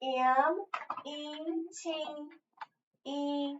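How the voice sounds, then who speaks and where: A woman teacher with a somewhat high voice guides a phonics lesson, patiently spelling words letter by letter. She sits some distance from the mic in an echoey room. The recording sounds dull and lo-fi. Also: steady tone, drawn-out words, background noise.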